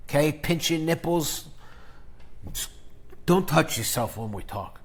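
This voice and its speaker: A man ranting through an investing vlog, crude and profane, mocking rivals with sudden loud jabs in a loose, rambling delivery. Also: on the high side, lively intonation, takes it slowly. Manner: crude, profane, mocking shock-jock banter. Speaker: finance YouTuber.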